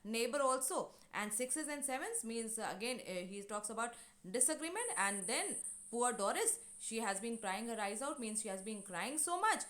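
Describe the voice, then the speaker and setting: A woman's voice: a little high, expressive, moderate pace, a bit bright. A woman teacher with an Indian English accent, patiently explaining each phrase in plain words during an online class over a video call.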